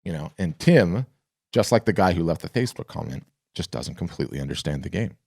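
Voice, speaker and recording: A man with a very deep voice hosts a podcast in a casual, rambling way. He often restarts his sentences and tells stories with energy. The sound is dry and close. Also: a little fast, vocal fry, dry recording. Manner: animated storyteller. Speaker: podcast host. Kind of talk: casual solo podcast talk.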